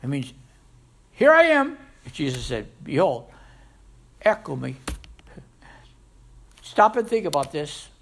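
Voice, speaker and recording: A man preaching a sermon as a pastor, with sudden loud rises and soft drops. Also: fairly high pitch, animated, slow, gravelly, long pauses, slight background noise.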